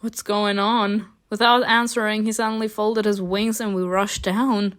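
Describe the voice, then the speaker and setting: A woman reading a story game aloud and reacting, excitable and gushing between lines. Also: medium pitch, measured pace, few pauses. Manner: excitable, gushing, often laughing.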